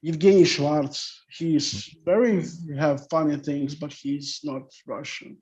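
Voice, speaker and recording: A man speaking as a guest in a panel discussion, talking in halting non-native English with many fillers. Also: on the high side, darkish tone. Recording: muffled lo-fi audio.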